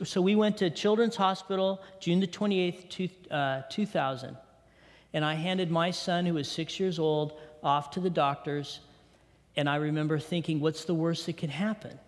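A middle-aged man, a pastor, telling a personal story in a sermon with strong emotion, dropping to hushed tones. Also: a little high, long reverb tail. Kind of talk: sermon testimony.

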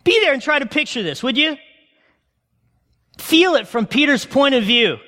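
A man preaching a sermon as a pastor, telling the story in an animated way and calling his listeners friends. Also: very high voice, normal speed. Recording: long reverb of a large hall.

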